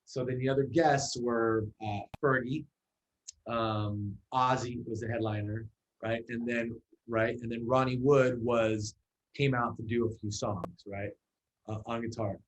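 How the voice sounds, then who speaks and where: A male musician telling a story as an interview guest. His voice sits at a middle pitch, and his delivery is loose and chatty, full of "like"s and restarts. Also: a little slow, a little hiss or hum, low-quality recording. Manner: animated storyteller with many fillers and restarts.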